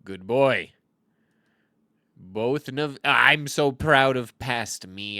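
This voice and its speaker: Lively, bright-voiced man joking through gameplay. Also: medium pitch, slow, dry recording, clean studio sound. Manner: rambling, jokey, self-mocking asides. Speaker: card game streamer. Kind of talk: casual gameplay commentary.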